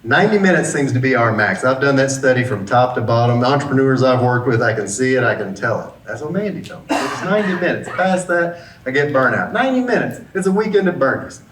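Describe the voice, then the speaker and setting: A middle-aged business coach gives a motivational talk as a lively storyteller, acting out the dialogue of the people in his story. His mid-range voice runs a little fast. The recording sounds roomy, with a distant mic and a faint background hum.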